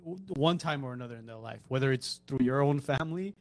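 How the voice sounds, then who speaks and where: Man telling stories in animated chat. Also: mid-range voice, a little fast, no room sound. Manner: animated storytelling, acts out quoted lines. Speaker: podcast host. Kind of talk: casual chat.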